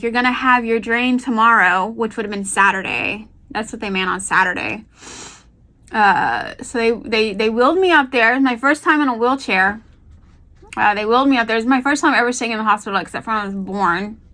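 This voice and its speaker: A woman's voice: on the high side, pushed and bright. A young woman vlogger telling a personal story at home, chatty and emotional, often repeating herself.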